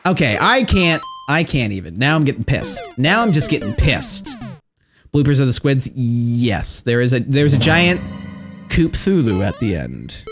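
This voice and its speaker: A man giving live gameplay commentary as a streamer. He is excitable, swears, and talks straight to his chat. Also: a little high. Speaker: game streamer. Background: game music.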